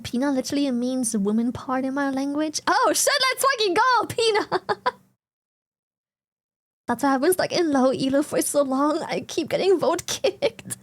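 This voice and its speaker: A woman's voice: high voice, big pitch swings, moderate pace. A young woman streamer from Germany or the Netherlands, chatting casually with viewers, giggling often and swearing freely. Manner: giggly, swears freely, reads chat aloud.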